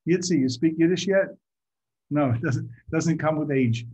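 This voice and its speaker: A man giving an informal Torah talk to a group, halting and repeating his words, sometimes asking the audience questions. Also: a little high, darkish tone. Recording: muffled lo-fi recording.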